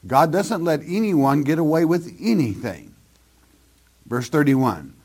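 An older man teaching a sermon verse by verse, reading scripture and then explaining it in plain, deliberate words. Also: medium pitch, big pitch swings, darkish tone. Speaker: preacher.

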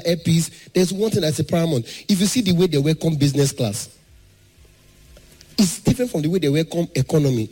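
A man doing an animated stand-up comedy set, slipping into pidgin and acting out the characters in his stories. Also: on the high side, slightly rough. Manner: animated, acts out mothers and airline staff in pidgin.

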